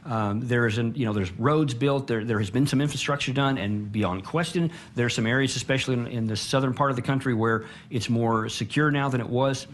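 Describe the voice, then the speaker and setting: A man's voice: medium pitch, fairly quick, hardly any pauses, a little hiss or hum. A man speaking in a documentary interview, blunt and emphatic, often restarting his words. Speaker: interviewed commentator.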